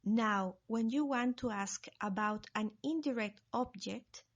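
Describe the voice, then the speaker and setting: Slow, careful woman teaching Spanish. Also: on the high side. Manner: slow, careful example sentences spoken in Spanish. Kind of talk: scripted language lesson narration.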